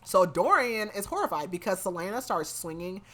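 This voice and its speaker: A woman's voice: medium pitch, big pitch swings, fairly quick. A woman hosting a podcast, casually recapping a story in a rambling way full of "like". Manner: rambling, fills speech with "like". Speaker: podcast host.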